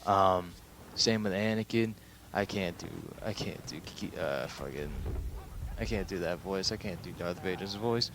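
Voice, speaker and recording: A man's voice: deep voice, a little slow, background noise. Rambling, profane young man, sleep-deprived. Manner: rambling and profane, with many fillers. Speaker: film reviewer. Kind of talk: casual rambling recap.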